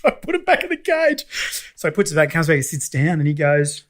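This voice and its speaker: A man's voice: fairly high pitch, racing. A middle-aged Australian man, a guest on a business podcast, telling a story in casual chat and acting out the voices in it. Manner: animated storyteller, acts out dialogue.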